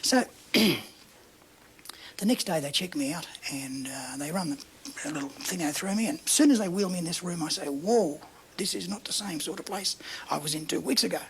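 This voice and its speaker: Australian male guest, breathy half-whisper, lively yarn-spinner acting out dialogue, faint room noise. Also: on the high side, normal speed. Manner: animated anecdotal, acts out dialogue. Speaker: interview guest. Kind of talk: casual storytelling.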